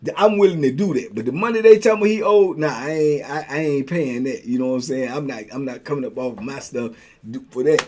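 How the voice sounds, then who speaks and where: An older storyteller host recounts a prison story in casual slang, speaking briskly in a mid-range voice. He's animated, acting out the voices of the people in his tale.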